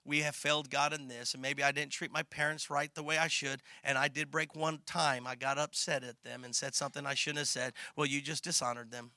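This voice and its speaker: A man's voice: medium pitch, brisk, few pauses, no echo, studio quality. A middle-aged male pastor preaching a sermon, telling a story animatedly and acting out the dialogue. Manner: animated storytelling, acts out dialogue, laughs, gets loud and emotional.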